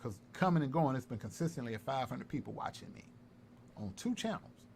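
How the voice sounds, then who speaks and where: This North Carolina man, a live-stream commentator, has a medium-pitched voice with vocal fry and speaks a little fast. Animated and taunting, he keeps repeating himself during a heated callout on his livestream, with faint noise in the background.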